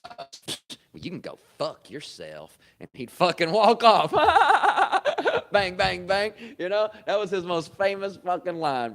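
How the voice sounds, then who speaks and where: Male podcast host, casual cussing storyteller, animated bursts and laughter. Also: medium pitch. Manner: loose, swearing, laughs often, animated bursts. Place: comedy club.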